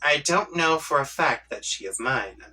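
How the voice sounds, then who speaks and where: A man hosting a comic-reading channel reads a webcomic aloud with reactions, taking his time and playfully putting on voices for the characters' chat lines. His voice is on the high side, expressive, husky, bright and forceful. He sits back from a distant mic, and the recording quality is low.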